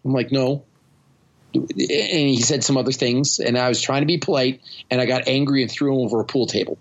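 A man's voice: medium pitch, a little fast, highs cut off. A man hosting a podcast, telling stories in a blunt, profane, self-mocking way. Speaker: podcast host. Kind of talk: casual storytelling chat.

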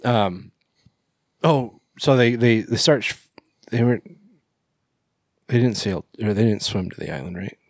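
A man's voice: fairly low pitch, measured pace, long pauses, no room sound, studio quality. A man casually recapping a movie on a podcast, rambling with fillers and self-corrections. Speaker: podcast co-host.

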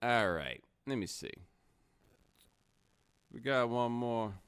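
A young adult man hosting a live podcast, chatting casually with a sarcastic, animated delivery. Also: takes it slowly, clean tone. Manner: animated, sarcastic, rising pitch when joking. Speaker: podcast host. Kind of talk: casual live-stream commentary.

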